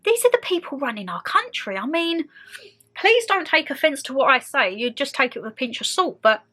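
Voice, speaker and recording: A woman's voice: high voice, sing-song, a little fast, sharp tone. A young woman with a British accent, chatting openly and expressively to her viewers in a casual sit-down vlog. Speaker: vlogger.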